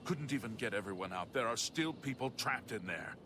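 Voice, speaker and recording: A man's voice: medium pitch, expressive, a little fast, noisy background, natural voice. An actor playing a weary male guard captain in a video game, speaking grimly and urgently. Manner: grim, urgent.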